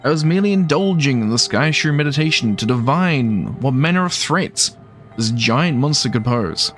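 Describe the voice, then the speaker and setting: A man's voice: medium pitch, lively intonation, normal speed, fairly bright tone, soft background music, close to an everyday voice. A man voicing an anxious, flustered older female village mayor in a game, fretful and stammering.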